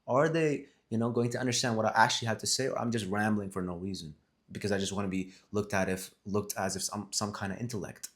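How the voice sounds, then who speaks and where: A man's voice: fairly low pitch, fairly even intonation, quick pace, a bit bright. A man talking casually to a camera about communication, rambling and correcting himself as he goes, with emphatic stresses. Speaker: vlogger on communication skills. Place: seated in front of a camera.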